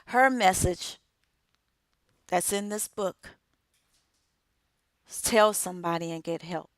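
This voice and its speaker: Slow, emphatic middle-aged woman speaker. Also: lowish voice, fairly bright tone, no echo. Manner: emphatic, measured delivery with dramatic pauses. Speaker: author and radio co-host. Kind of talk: inspirational speech.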